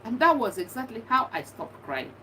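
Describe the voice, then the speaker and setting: Middle-aged woman, earnest testimony, fairly high voice, recorded from a distance with faint background noise. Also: very animated, normal speed, pushed and bright. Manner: earnest, repetitive, reflective. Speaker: speaker sharing personal grief story. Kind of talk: personal testimony monologue.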